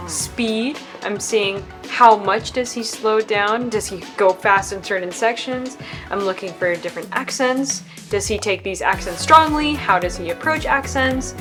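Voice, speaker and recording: A woman piano teacher talking through what she listens for in a performance, in an analytical, explanatory manner. Her voice sits at an ordinary middle pitch. Faint piano music plays behind her. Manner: analytical, hums and scats musical phrases.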